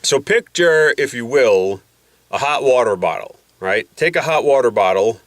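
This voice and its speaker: A man's voice: mid-range voice, lively intonation, moderate pace, no room sound. A man telling a rambling, jokey vlog story with his nose packed by a balloon, putting on voices as he goes. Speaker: vlogger.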